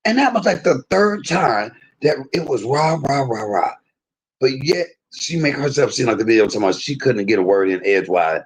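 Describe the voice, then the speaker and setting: A man hosting a livestream, venting in an aggrieved rant that swings between loud outbursts and low muttering. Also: big pitch swings, moderate pace, husky. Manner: swears freely, talks straight to viewers. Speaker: livestream host.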